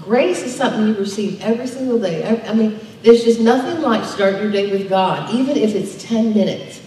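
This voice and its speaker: A woman's voice: mid-range voice, animated, brisk, warm tone, slight background noise. Woman preaching in an echoey hall. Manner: emphatic, draws call-and-response from the congregation. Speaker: pastor. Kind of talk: sermon. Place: church sanctuary. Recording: echoey church hall, distant mic.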